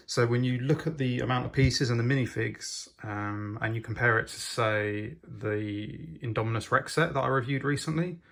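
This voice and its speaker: Man, casual review, enthusiastic, hesitant, gravelly, mid pitch. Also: a bit bright. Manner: enthusiastic, hesitant with frequent ums. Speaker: LEGO reviewer.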